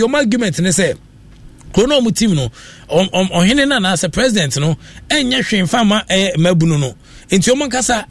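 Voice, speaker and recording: A man's voice: high-pitched, no echo. A Ghanaian man hosting a radio show, giving rambling casual commentary that mixes Akan and English.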